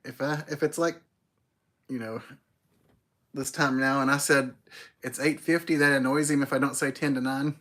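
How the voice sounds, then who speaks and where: A man's voice: medium pitch, steady tone, moderate pace, long pauses, sharp tone. A man chatting casually as co-host of a home livestream, rambling and easygoing, chuckling often. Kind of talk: casual chat. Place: porch at home.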